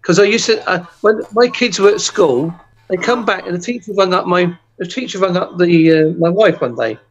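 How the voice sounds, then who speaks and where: On a casual video call, a high-voiced man from England with an Essex accent chats at normal speed. He tells rambling stories, restarting himself frequently.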